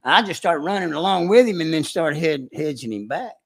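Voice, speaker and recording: An older man telling a hunting story in casual chat, with a folksy rural way of talking, animated when he acts out the shouting. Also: a little high, brisk, gravelly, husky. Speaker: storyteller recounting hunting trips.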